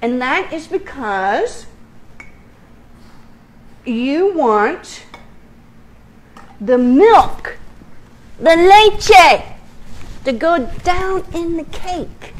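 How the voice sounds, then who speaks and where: Lady cooking at home, high swoopy voice, takes her time, lotsa ums and giggles. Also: very slow, pauses often. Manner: giggly, excitable, lots of ums. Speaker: home cooking show host. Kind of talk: casual cooking chat. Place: home kitchen.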